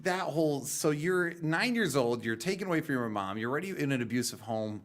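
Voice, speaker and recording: Man, 30s, podcast host, chatty, animated, laughs often. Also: on the high side, a little fast. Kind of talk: casual podcast interview.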